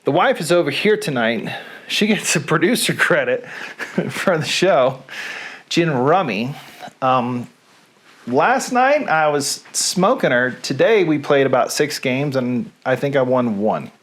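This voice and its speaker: A man's voice: medium pitch, lively intonation, measured pace, fairly bright tone. A man with a Southern US accent hosting a casual live stream from home, chatting in a rambling, self-deprecating way with asides. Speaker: host. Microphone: camera on stand.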